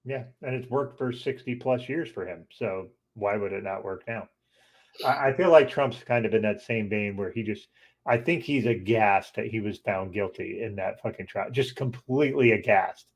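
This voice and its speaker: A man co-hosting a podcast in casual chat, animated, swearing freely and laughing as he talks. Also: lowish voice, moderate pace. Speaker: podcast co-host.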